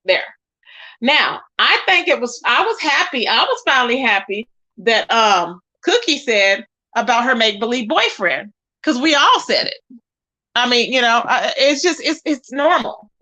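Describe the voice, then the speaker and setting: A woman's voice: high voice, pushed and bright. A woman hosting her own channel, giving sassy, emphatic gossip commentary straight to her viewers. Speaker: channel host.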